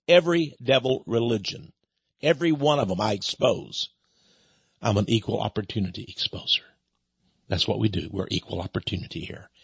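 A husky-voiced man hosting a radio talk show, his pitch sitting a little high and swinging widely as he preaches and chuckles. The recording is dry and close, with a slightly dull, lo-fi broadcast sound. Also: no room sound. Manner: animated, preachy, chuckling, repeats words. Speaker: radio ministry host.

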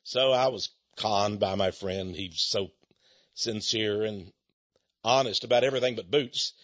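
A man's voice: lowish voice, unhurried, a bit bright, lo-fi sound. An older man from Texas, hosting a radio talk program in a folksy, rambling way that builds to angry emphasis. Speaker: radio host.

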